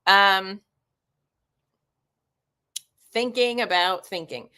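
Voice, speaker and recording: Bright-voiced woman hosting a chatty livestream. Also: mid-range voice, unhurried, clear, resonant tone. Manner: chatty, reads viewer comments aloud. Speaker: livestream host. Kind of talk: casual livestream chat.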